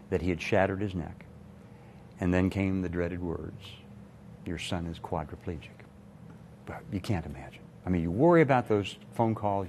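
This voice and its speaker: An older man, a retired doctor, telling a personal story in an earnest, measured way as a TV interview guest. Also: low voice, darkish tone, a little hiss or hum.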